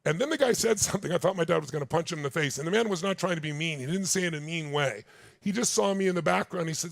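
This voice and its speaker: Rapid-fire and gravelly, with a fairly high pitch, a man in his sixties tells intense stories during a motivational seminar, speaking directly to a live audience from a large stage. The sound is dry and clean, like a studio recording.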